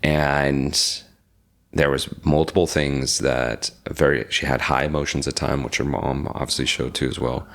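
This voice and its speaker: A man in his forties with a very deep, gravelly voice, talking as a guest in a casual interview. He tells his story with energy and acts out what other people said. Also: measured pace. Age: 40s. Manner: animated storyteller acting out quoted dialogue. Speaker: podcast guest. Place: lives in Reno.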